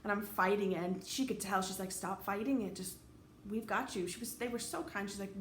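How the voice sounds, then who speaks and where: A woman of middle pitch tells her story in a loose, rambling vlog style, with lots of "like" and restarts. Her voice rings in an echoey room, and a faint hum sits under it. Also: fairly even intonation, fairly quick. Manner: chatty, rambling, many fillers and restarts. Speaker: teacher. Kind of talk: casual storytelling.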